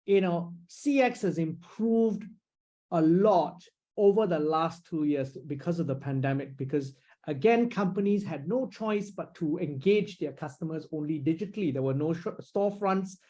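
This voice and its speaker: A man's voice: on the high side, lively intonation, normal speed, dark tone. A man hosting a business interview, summarizing points and asking questions. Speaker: interviewer host.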